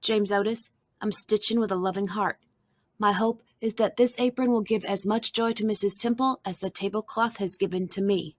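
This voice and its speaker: A woman reading aloud voicing a gentle, loving mother in a storybook, close to her own voice. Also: medium pitch, fairly even intonation, normal speed, natural voice. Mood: tender.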